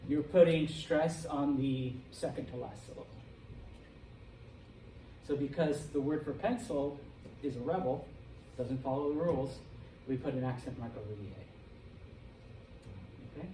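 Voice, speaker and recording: A middle-aged man on the higher side, his voice a touch mellow, lectures to a Spanish class and keeps checking in with "okay?" and "all right?" after nearly each point. It was recorded far off in an echoey classroom, with faint noise.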